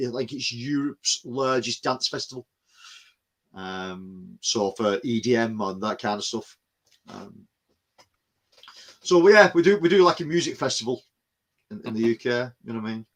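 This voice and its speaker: A man's voice: medium pitch, fairly bright tone. Casting: man, podcast host, rambling casual talker. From England. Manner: rambling, many restarts and "you know what I mean". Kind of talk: casual chat.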